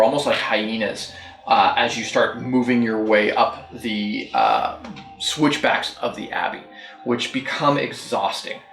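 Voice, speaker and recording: A man's voice: medium pitch, a bit bright. Male dungeon master, casual rambling narration, echoey room, faint music under. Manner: rambling, filler-heavy narration. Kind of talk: narrating a tabletop game.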